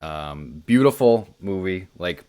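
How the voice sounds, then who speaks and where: A man's voice: low voice, animated, slow pace, a little mellow, clean tone. A man on a podcast giving his impressions in a casual chat, hesitant, with many ums and restarts. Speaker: podcast co-host.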